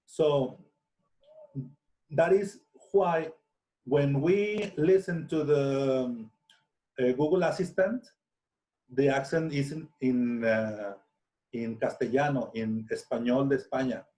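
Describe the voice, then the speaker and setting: Slow, hesitant man teaching. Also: medium pitch, dark tone. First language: Spanish. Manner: slow, hesitant, many restarts and fillers. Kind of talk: software tutorial screencast.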